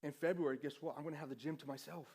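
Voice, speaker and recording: A man's voice: on the high side, steady tone, racing, darkish tone, husky. A man preaching a sermon in a casual storytelling way, self-deprecating and acting out the dialogue. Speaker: pastor.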